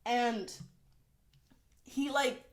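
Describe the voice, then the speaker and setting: A woman's voice: fairly high pitch, extremely slow, over a noisy crowd. A young woman hosting a casual podcast chat, telling work stories with lots of fillers and quoted asides. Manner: animated storytelling with frequent fillers and quoted asides. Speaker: podcast host.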